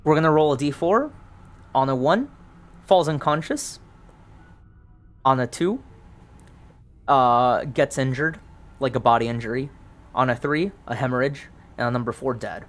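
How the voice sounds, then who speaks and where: Slow, mumbling man narrating a solo game. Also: mid-range voice, lively intonation. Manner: muttering through dice rolls, thinking aloud with many ums. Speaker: solo tabletop game player.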